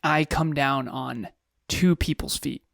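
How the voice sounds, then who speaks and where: A man's voice: medium pitch, fairly even intonation, takes it slowly, vocal fry, fairly bright tone, no echo, studio quality. A man in his thirties co-hosting a podcast, telling stories in an earnest, reflective way. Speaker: podcast co-host. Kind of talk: casual chat.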